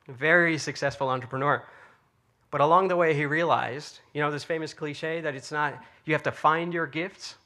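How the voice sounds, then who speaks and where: Man, fairly high voice, inspirational talk, storytelling, conversational. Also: sharp tone. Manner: storytelling, conversational, frequent fillers. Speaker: speaker.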